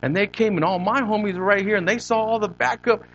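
A man's voice: high voice, fast talker, fairly bright tone, lo-fi sound, voice pushed up. A man voicing a young male ex-gang member with an East Los Angeles accent, retelling a story in blunt street slang. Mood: animated.

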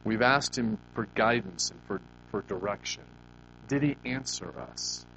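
A man's voice: fairly low pitch, unhurried, fairly bright tone, muffled recording, a little hiss or hum. Man preaching a conversational sermon. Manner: conversational storytelling, rhetorical questions, frequent restarts. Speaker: pastor.

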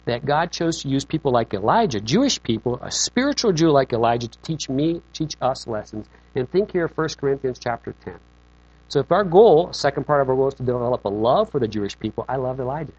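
A man's voice: medium pitch, a little mellow, no echo. A man preaching a sermon as pastor, in a conversational, joking way, often checking in with "okay?". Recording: dull lo-fi recording.

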